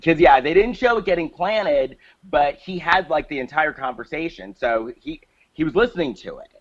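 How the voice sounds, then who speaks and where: A man's voice: on the high side, lively intonation, normal speed, muffled recording. A man co-hosting a casual podcast, recapping a movie plot with lots of fillers and restarts. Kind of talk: casual chat.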